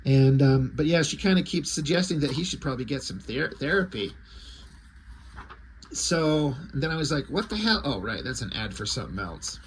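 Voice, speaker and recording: A man reviewing a comic book in a casual recap, crude, excitable and sarcastic. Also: mid-range voice, normal speed, slight background noise.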